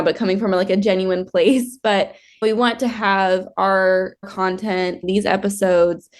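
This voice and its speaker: A woman co-hosting a podcast, telling stories in a casual way and laughing often. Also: mid-range voice. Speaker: podcast co-host.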